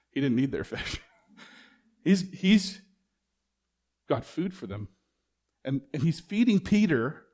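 A man preaching a sermon in a conversational way, asking the congregation rhetorical questions and acting out bits of dialogue. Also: mid-range voice. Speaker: pastor.

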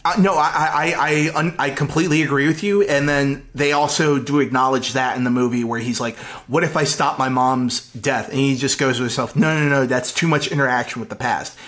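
A man co-hosting a casual movie podcast, talking excitedly with frequent stammered restarts. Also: medium pitch, a little fast, few pauses. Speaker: podcast co-host. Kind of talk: casual movie review chat.

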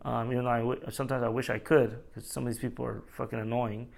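A man's voice: medium pitch, flat delivery, fast, vocal fry, darkish tone. A man who works as a store manager, venting in a casual monologue, rambling, swearing often and laughing at himself.

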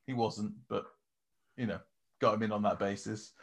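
A man's voice: lowish voice, fairly even intonation, normal speed. A man co-hosting a podcast, telling swearing-laden anecdotes in casual chat and mimicking people with laughter. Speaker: podcast co-host.

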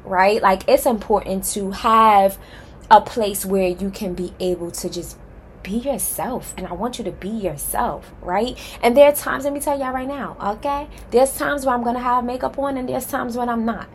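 A woman introduces her own podcast by herself, speaking straight to her "y'all" audience in a heartfelt, emphatic way while nervous and excited. She has a fairly high voice at normal speed, with a little hiss or hum in the recording.

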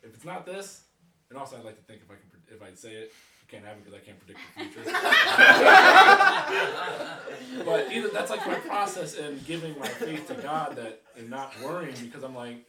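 A man's voice: medium pitch, animated, fast talker, roomy sound, far from the mic, over a noisy crowd. A man in a casual group chat, rambling and laughing as he talks. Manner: rambling, laughs while talking.

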